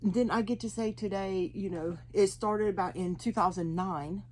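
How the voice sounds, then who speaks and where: A woman from Oklahoma with an Oklahoma accent and slowed, halting speech after a stroke, chatting and laughing as she tells her story in an interview. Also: mid-range voice, fairly even intonation, a little mellow, slight background noise. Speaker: interview guest. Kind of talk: personal testimony.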